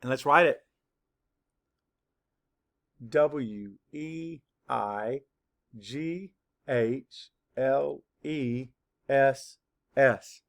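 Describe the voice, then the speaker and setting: A man teaching a children's spelling lesson, spelling words slowly, letter by letter, with clear, patient instructions. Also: medium pitch, a bit bright. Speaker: third-grade teacher.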